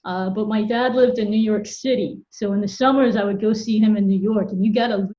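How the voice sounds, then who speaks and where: A woman from Florida speaks as a guest professor over a video call, articulate and easygoing with quick laughs. Her voice sits mid-range, and the call audio sounds a little dull. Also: medium pitch, steady tone, dark tone. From Florida, United States. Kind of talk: casual video-call interview.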